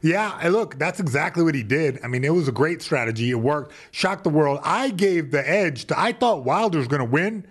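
A man on a podcast, talking loudly and emphatically with casual swearing as he breaks down fights. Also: a little high, expressive, moderate pace, few pauses, breathy edge. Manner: loud, emphatic, profane. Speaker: podcast guest, former fighter. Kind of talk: casual chat.

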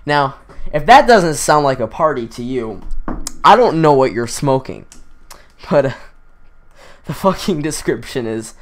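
A teenage boy talks over a clip in a loose, rambling way, heaping sarcastic mockery on what he is watching. His voice sits at an ordinary middle pitch for a young man. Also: very animated, unhurried, pauses often. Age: teens. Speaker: YouTube roast commentator. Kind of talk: casual mocking commentary.

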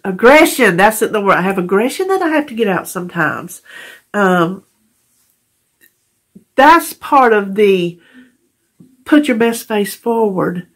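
A middle-aged woman from North Carolina, talking tearfully and rambling in a heartfelt casual vlog, stumbling over words and laughing often. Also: mid-range voice. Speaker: vlogger.

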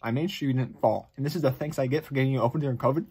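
A man with a husky, slightly breathy voice at an ordinary middle pitch, venting to his camera. He rants in exasperation and swears freely, like a vlogger sounding off to his followers. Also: racing, dark tone. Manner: profane, exasperated ranting. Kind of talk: ranting vlog to camera.

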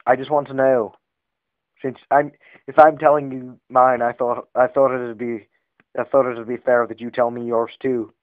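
A man on a prank phone call, posing as a slow-speaking, touchy customer who stammers and halts. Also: mid-range voice, little pitch movement, no room sound, lightly acted. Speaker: prank caller. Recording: tinny dry phone line.

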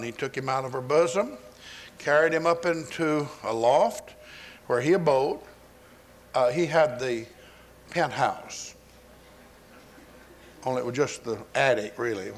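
A pastor preaching a folksy storytelling sermon, retelling scripture and acting out its voices, on a 1980s sermon recording. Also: male voice, mid-range voice, measured pace, pauses often.

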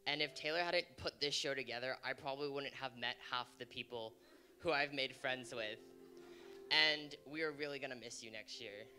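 A man's voice: medium pitch, normal speed, pushed and bright, soft background music. A young man on a theater stage giving a short, earnest tribute, a little hesitant. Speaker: cast member presenting flowers.

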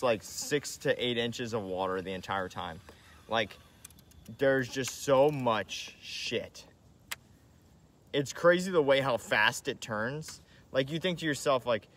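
A young man talking casually on a live stream from a kayak on a river, slangy, swearing and excitable. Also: medium pitch. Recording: loud outdoor wind and water noise.

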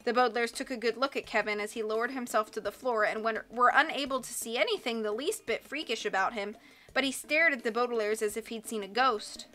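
Bright-voiced woman reading a storybook aloud. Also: on the high side, fairly quick, faint music behind. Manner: steady, clear read-aloud delivery. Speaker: audiobook reader. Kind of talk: storybook narration.

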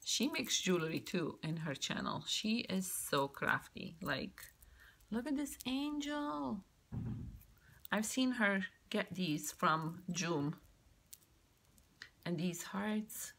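A woman vlogger opening a birthday craft mail, gushing and excitable, now and then dropping into a whisper. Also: medium pitch, slow pace, vocal fry. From Canada. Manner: gushing, excitable, keeps exclaiming how cute things are. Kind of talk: casual show-and-tell unboxing.

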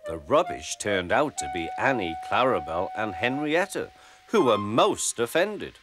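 A man narrating a children's storybook in an expressive, gentle way. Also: lowish voice, unhurried. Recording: background music.

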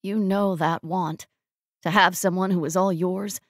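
A woman voicing a heartbroken, bitter young woman with a choked, hoarse delivery in an audiobook. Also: lowish voice, steady tone, unhurried, no echo, clean studio sound.

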